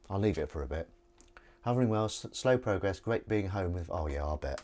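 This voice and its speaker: A man's voice: low-pitched, lively intonation, a little fast, a little mellow. A man hosting a livestream from his kitchen, chatting casually and jokingly while reading out viewer comments. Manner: rambling, jokey, reading out chat comments. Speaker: livestream host. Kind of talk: casual chat while washing up.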